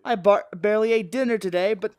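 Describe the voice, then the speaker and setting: A man playing a VR game at home, giving casual, excitable commentary through a headset microphone. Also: high voice, quick pace, dry recording. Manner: excitable, exclaiming, joking. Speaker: gaming video creator.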